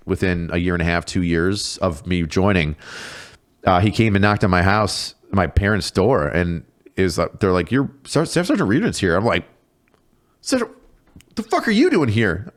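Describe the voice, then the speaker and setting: Guy in his 30s on a podcast, kinda low voice, swears a lot, does the voices in his stories. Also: moderate pace. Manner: profane, laughing storyteller, acts out quoted voices. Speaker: podcast guest. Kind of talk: casual storytelling chat.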